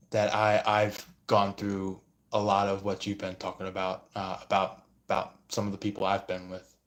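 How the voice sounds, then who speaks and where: A man giving a casual astrology reading and responding to viewer comments, talking hesitantly with many fillers. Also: lowish voice. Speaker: astrology and tarot reader.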